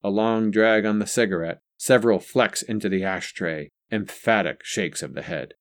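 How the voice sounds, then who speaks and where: Guy reading a story out, low steady voice, calm and even. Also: a little slow. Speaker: audiobook narrator. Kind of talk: scripted narration.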